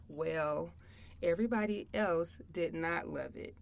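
A young woman co-hosting a casual podcast about motherhood, chatty and quick to laugh. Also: on the low side, vocal fry, dry recording. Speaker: podcast co-host. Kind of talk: casual chat.

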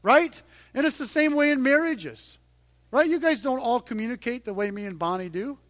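A middle-aged man preaching a sermon in a conversational way, dropping to a hush and then rising loud and emphatic. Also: extremely high pitch, normal speed, no echo. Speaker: pastor.

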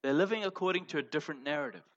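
A man preaching a sermon as pastor, emphatic, moving between loud stressed phrases and quiet asides. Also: fairly high pitch, expressive, racing. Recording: dull lo-fi sound.

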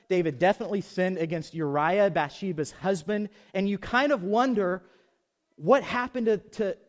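A man preaching a sermon, swinging from loud emphatic peaks to soft low asides and leading the congregation in call-and-response. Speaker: pastor. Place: outdoors.

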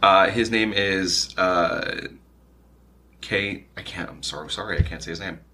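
Male podcast co-host, lowish bright voice, rambles and gropes for names, faint background hiss. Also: unhurried. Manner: rambling, searches for names, swears casually. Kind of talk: casual chat.

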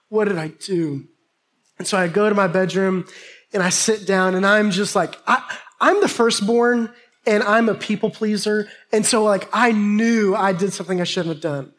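A man's voice: high-pitched, fairly bright tone. A man delivering a sermon through a personal childhood story. He tells it with humor and animation, talking straight to the congregation. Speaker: pastor.

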